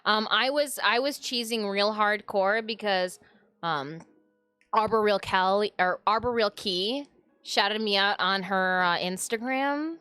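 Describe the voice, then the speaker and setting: A woman's voice: mid-range voice, a little slow, bright, forceful tone, clear, resonant tone, dry recording. A woman in her thirties, a streamer in casual, playful chat with her viewers and her cat. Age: 30s. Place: home streaming room. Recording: dry close sound with music under it.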